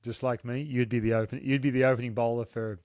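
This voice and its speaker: A middle-aged man from Australia with an Australian accent, hosting a casual sports chat in a joking, animated way. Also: medium pitch, fast talker, dry recording, clean studio sound. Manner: joking, animated, self-deprecating. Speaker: podcast host.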